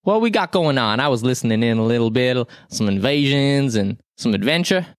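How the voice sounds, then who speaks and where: A man's voice: medium pitch, lively intonation, brisk, no echo, clean studio sound, close to an everyday voice. A man voicing a friendly talking scimitar that was once human, with a genial Southern American drawl and a joking manner. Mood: cheerful, boastful. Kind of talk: improvised tabletop role-play.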